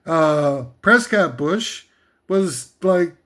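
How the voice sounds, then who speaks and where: A man's voice: on the high side, lively intonation, very slow, a bit bright. A man hosting a comedic countdown list, ranting sarcastically and rambling with many fillers and asides. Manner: sarcastic, meandering, with frequent fillers and laughs. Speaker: host.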